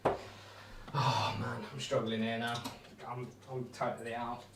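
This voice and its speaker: Heavy background noise surrounds this young darts streamer, whose medium-pitched voice stays slow with little pitch movement. He chats casually and rambles while throwing, teasing himself and reading out and answering chat.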